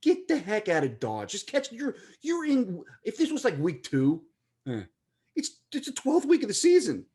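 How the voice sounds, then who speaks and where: A man, co-hosting a casual sports chat in an excitable, jokey, rambling way. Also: high-pitched, normal speed, husky. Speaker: podcast co-host.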